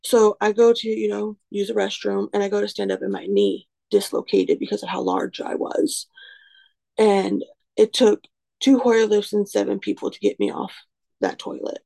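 Heavily gravelly young woman, rambling. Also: mid-range voice, steady tone, moderate pace, warm tone, low-quality recording. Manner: rambling, with frequent "you know" and "um" fillers; frank and self-deprecating. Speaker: recovery speaker sharing her story. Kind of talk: candid personal testimony.

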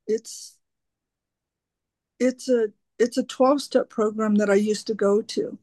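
A woman speaks slowly and haltingly, repeating her words as she shares her recovery story at a twelve-step meeting. Her tone is earnest and open, and the recording is dry and close with almost no room sound. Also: fairly high pitch, fairly even intonation, darkish tone, no echo.

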